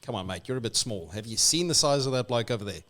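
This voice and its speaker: A man's voice: mid-range voice, expressive, fast talker, a bit bright, lightly acted. Brief: Australian man as a doubtful, casual king. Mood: skeptical. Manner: skeptical, casual. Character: doubtful older male king.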